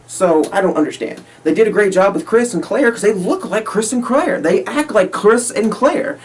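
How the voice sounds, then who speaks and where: A man giving a casual spoken movie review, ranting in exasperation, repeating himself, swearing often and laughing between points. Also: high voice. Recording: voice a little far from the mic.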